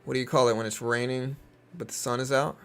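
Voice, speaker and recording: Laid-back Southern man with a gravelly voice. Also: mid-range voice, flat delivery, fast talker, a bit bright. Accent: Southern US (Louisiana). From Louisiana. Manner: laid-back, chatty, uses lots of fillers. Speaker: live stream trader. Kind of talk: casual live-stream chat with market commentary.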